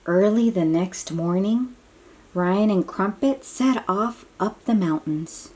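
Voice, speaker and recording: A woman with a mid-range, darkish voice slowly reads a picture book aloud to young children. She adds exclamatory, chatty asides to her little listeners.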